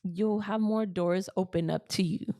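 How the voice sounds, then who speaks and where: A woman's voice: medium pitch, steady tone, unhurried, dark tone. A woman co-hosting a casual spiritual podcast chat, earnest and rambling with lots of fillers. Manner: earnest, rambling, many fillers like "you know what I mean". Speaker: podcast co-host.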